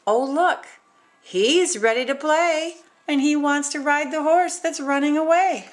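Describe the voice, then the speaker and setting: A woman reading a rhyming picture book aloud in a sing-song, animated way, adding exclaimed asides between verses. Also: sits high, slow. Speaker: storybook reader.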